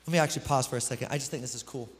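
Earnest preacher in an echoing hall. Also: male voice, medium pitch, racing, a little hiss or hum. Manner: earnest, addresses the congregation directly. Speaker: pastor. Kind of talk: sermon reading scripture. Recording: long reverb of a hall.

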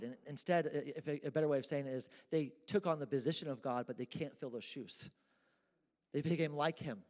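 A man preaching a sermon in a church, casual and joking with slang. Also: a little high. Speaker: pastor. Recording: echoey church hall.

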